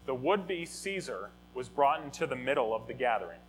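A man teaching a Bible lesson in a conversational, animated way, often restarting and correcting himself. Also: mid-range voice, moderate pace, soft background music, rough recording. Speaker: teacher of a Bible study or sermon. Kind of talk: informal teaching talk.

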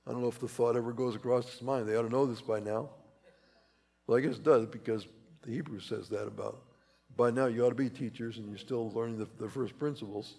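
A man's voice: mid-range voice, fairly even intonation, fast talker, gravelly, darkish tone, breathy edge. A man preaching a conversational sermon, rambling and repeating himself, pressing key phrases with rising emphasis. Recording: reverberant hall.

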